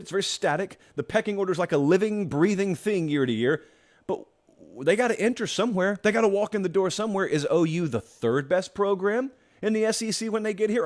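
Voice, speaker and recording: A man's voice: a little high, a little mellow. A man hosting a college football show, giving opinionated solo commentary in a conversational way, posing rhetorical questions. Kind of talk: solo sports talk commentary.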